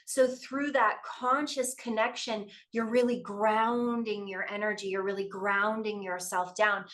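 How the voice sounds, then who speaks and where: A Canadian woman, a yoga teacher, calmly explaining breathing practices as a podcast guest. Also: mid-range voice, unhurried. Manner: calm, explanatory, steady guidance with frequent affirming replies. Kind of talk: podcast conversation.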